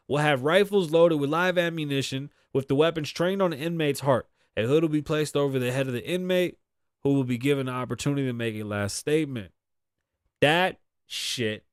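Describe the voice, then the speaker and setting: A man from Boston with a slightly high voice hosts a casual solo show. He reads news items aloud and riffs on them in a blunt, profane way. The sound is dry and close to the mic. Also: no echo. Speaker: show host.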